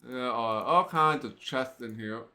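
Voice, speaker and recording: A man's voice: medium pitch, unhurried, bright, forceful tone. A man streaming an old computer role-playing game, thinking aloud casually with lots of filler words. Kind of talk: let's play commentary.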